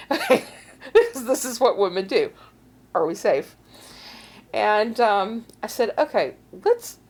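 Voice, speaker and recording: A middle-aged woman co-hosting a podcast, casually telling a story and acting out quoted voices with big swings in pitch. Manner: animated, acts out quotes with big pitch jumps. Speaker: podcast co-host.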